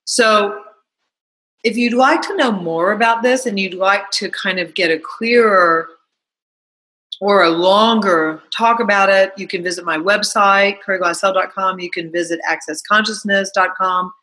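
Bright-voiced chatty woman. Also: mid-range voice, unhurried, rough recording. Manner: chatty, animated storytelling with rhetorical questions. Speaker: self-help talk host. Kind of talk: motivational monologue.

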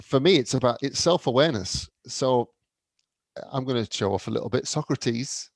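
A man's voice: medium pitch, moderate pace, no room sound. A middle-aged man co-hosting a casual talk, wry and jokey, laughing often. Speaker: co-host. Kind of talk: casual chat.

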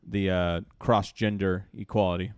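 A man's voice: low-pitched, little pitch movement, moderate pace, darkish tone, smooth, no echo, studio quality. A man co-hosting a podcast, talking casually and getting heated, ranting and swearing freely. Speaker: podcast co-host. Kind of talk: casual chat.

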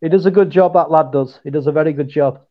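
A man with a Yorkshire accent joins as a guest, teasing and poking fun at himself. His voice is high for a man and comes through a dull, muffled line. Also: quick pace. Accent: Yorkshire English. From Yorkshire, England. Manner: jokey, self-mocking. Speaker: podcast guest. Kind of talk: casual chat.

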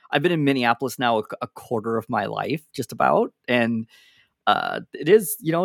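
A man talking as a guest on a casual podcast, his voice rising and falling in a lively way as he chats. He laughs easily and keeps restarting his sentences, and his lapel mic gives a dry, close sound. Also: mid-range voice, creaky, dry recording. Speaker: psychologist.

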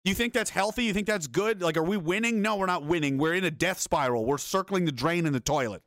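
A man's voice: high voice, fast talker, fairly bright tone, dry recording, clean studio sound. A man hosting a livestream, ranting in a heated, profane, sarcastic way and reading chat messages aloud. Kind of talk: angry political rant on a livestream.

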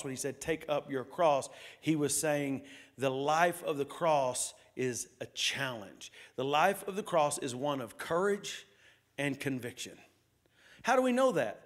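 A middle-aged man preaching from the pulpit, his voice sitting a bit higher than most men's. He talks to the congregation like a friend, then climbs into fervent calls for them to answer him. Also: a bit bright. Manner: conversational preaching, rising to exhortation. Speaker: lead pastor. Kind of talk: sermon. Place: church sanctuary.

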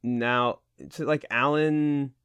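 A man co-hosting a podcast in loose, casual chat. His voice sits at a middle pitch and sounds dry and close. He laughs easily and swears offhandedly. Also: steady tone, takes it slowly, fairly bright tone, smooth, no room sound. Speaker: podcast co-host.

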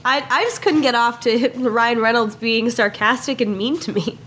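High-voiced giggly woman chatting. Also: moderate pace, a bit bright, a little hiss or hum. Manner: giggly, playful. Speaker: podcast co-host. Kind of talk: casual group chat.

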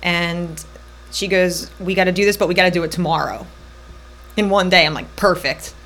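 A woman's voice: on the low side, steady tone, fairly bright tone. A woman in her thirties telling her personal story as a podcast guest, jumping around between moments and quoting the people involved. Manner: tells her story in quick, looping bursts, voicing others in her quotes.

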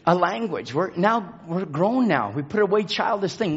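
A man preaching a fervent sermon in a church, shouting and calling out to the congregation. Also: sits high, big pitch swings, moderate pace, slightly rough, highs cut off. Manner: shouting, call-and-response exhortation. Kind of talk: fervent Pentecostal-style sermon. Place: church sanctuary.

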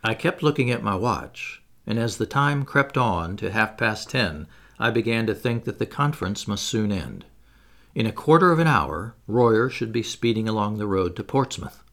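A man narrates an adventure novel as an audiobook. His voice sits low and gravelly, yet his pitch moves a lot as he reads with drama. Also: moderate pace. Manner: expressive, dramatic reading.

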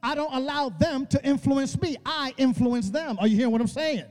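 A male preacher giving an emphatic, colloquial sermon, acting out dialogue and rising to shouts. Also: extremely high pitch, normal speed. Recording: long reverb of a church hall.

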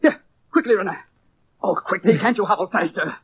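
An actor playing a skeptical, excitable American man in 1940s radio acting, agitated and insistent. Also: sits high, fairly quick, breathy edge. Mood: frantic. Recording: dull lo-fi old radio recording.

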